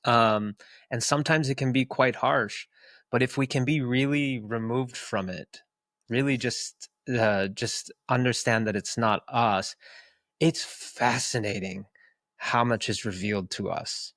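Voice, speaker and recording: A podcast co-host speaks in an unhurried, medium-pitched, slightly bright voice, recorded at studio quality with no echo. His tone is earnest and reflective in casual conversation, and he repeats words for emphasis.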